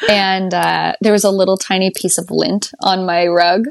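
A young adult woman telling her birth story as a podcast guest in casual conversation. She laughs often and jumps up high when she quotes herself. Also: moderate pace, creaky, few pauses.

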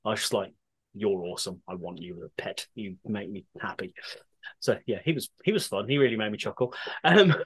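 A man's voice: mid-range voice, fairly bright tone. A man with a Welsh accent, chatting casually and enthusiastically as a podcast co-host. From England.

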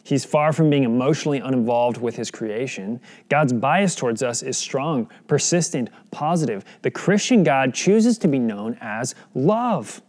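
A man's voice: mid-range voice, animated, normal speed, hardly any pauses, darkish tone. A young adult man preaching a sermon in an earnest, conversational way, often asking the listeners questions. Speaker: pastor.

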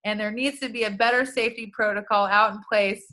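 A woman's voice: medium pitch, fairly quick. A young woman co-hosting a podcast, telling a story in casual chat, swearing freely and acting out what everyone said. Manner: profane, animated storytelling. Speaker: podcast co-host.

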